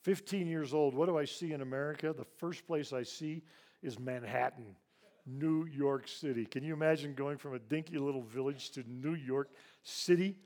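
A man's voice: mid-range voice, normal speed. Earnest older man telling a story. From grew up in Ivory Coast. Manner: earnest, hushed and emotional when recounting loss. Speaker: charity president speaking to a church audience. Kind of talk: personal storytelling talk.

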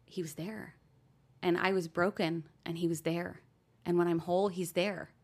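A woman's voice: lowish voice, steady tone, moderate pace, vocal fry, darkish tone. A middle-aged woman co-hosting a faith podcast, talking earnestly and sometimes acting out heartfelt prayers. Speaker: podcast co-host.

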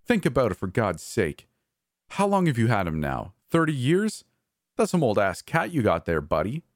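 Man voicing a manic murderous brother, taunting, swinging pitch, dry close sound, story narration. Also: wildly swooping pitch, moderate pace, no room sound. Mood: cold taunting. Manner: taunting, mocking, erratic shifts into yelling. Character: manic, cruel adult brother, mocking and murderous.

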